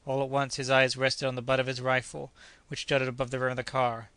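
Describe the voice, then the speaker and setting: A man narrating an adventure audiobook in a measured, steady reading. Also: mid-range voice, smooth, no room sound.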